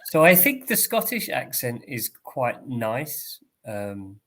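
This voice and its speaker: An Englishman tutoring online, explaining patiently and clearly over a video call. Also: medium pitch, sing-song, slow pace, a bit bright. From England.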